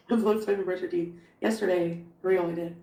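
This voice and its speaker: A woman's voice: on the low side, fairly even intonation, brisk, vocal fry, warm tone. A woman chatting on a livestream in a mumbling, self-pitying way. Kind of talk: livestream chat. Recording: echoey room with faint ambience.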